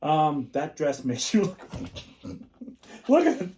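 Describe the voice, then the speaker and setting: A middle-aged man co-hosting a podcast tells meandering, filler-laden stories in a casual chat. His slightly high, darkish voice moves slowly, its pitch swooping wildly.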